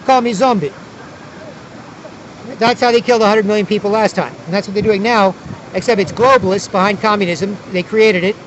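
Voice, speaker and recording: A man with a high voice rambles on in a repetitive monologue, tagging his points with "right?". He is recording outdoors in a city plaza. The sound is slightly dull, with faint traffic noise behind him.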